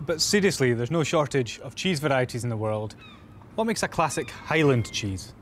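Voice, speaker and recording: A man's voice: medium pitch, lively intonation, normal speed, slight background noise. A man presenting on location in a playful, punning way. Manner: punning, jokey.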